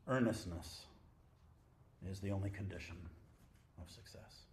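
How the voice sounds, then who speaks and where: A middle-aged man gives a dharma talk at a retreat with a very lively, swooping pitch. He sinks into soft near-whispers, then jumps into bright, excited exclamations. A faint hiss of noise sits behind his voice. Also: moderate pace, pauses often. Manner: intimate and playful, drops to near-whispers then bursts into excited high exclamations. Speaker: Zen teacher.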